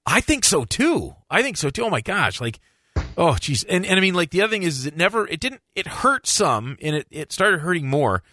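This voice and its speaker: A man hosting a podcast, telling a story in casual chat, animated and laughing, with lots of restarts. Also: high voice, fairly quick, no room sound, studio quality.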